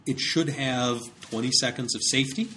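A man's voice: medium pitch, normal speed, sharp tone, slight background noise. A man lecturing in a conversational way, with frequent fillers and repeated words as he explains. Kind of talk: recorded psychology lecture.

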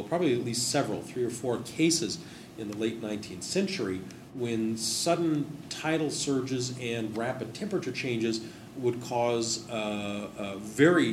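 A man casually explaining old stories in a rambling, digressive and wry way. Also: medium pitch. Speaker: host discussing memorial plaques. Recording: roomy echo with background noise.

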